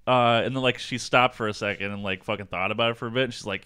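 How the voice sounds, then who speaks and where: A man co-hosting a comedy podcast, laid-back and quick to laugh, swearing casually. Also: medium pitch, steady tone, bright, forceful tone, smooth, no room sound, studio quality. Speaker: podcast co-host.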